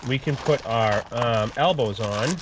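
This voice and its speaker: A man's voice: medium pitch, a little slow, noisy background. A man hosting a homestead channel, talking outdoors through a casual do-it-yourself how-to and explaining each step with frequent ums. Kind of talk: casual DIY how-to vlog. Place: outdoors by a wood boiler after snowfall.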